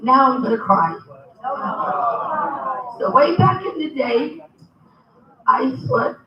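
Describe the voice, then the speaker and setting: A woman telling a humorous personal story at a convention, lively and animated as she acts out the conversations. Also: sits high, takes it slowly. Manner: lively storyteller, acting out dialogue. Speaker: convention speaker. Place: convention hall. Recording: echoey hall, from far off, dull.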